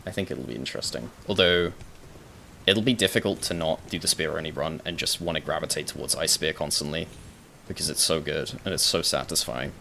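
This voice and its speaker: A man's voice: very deep voice, a little fast, creaky, bright, forceful tone, a little hiss or hum. A young British man chatting casually on a live stream while gaming, thinking aloud, answering chat and swearing now and then. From Britain.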